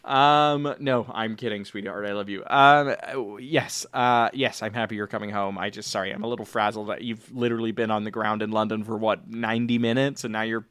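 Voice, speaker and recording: A man's voice: on the low side, steady tone, a little fast, hardly any pauses, a bit bright, smooth, no room sound, lightly acted. A man playing a flustered stay-at-home father of six who stammers and keeps shushing the kids, in an improvised comedy sketch. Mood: frazzled. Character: frazzled stay-at-home dad of six, harried.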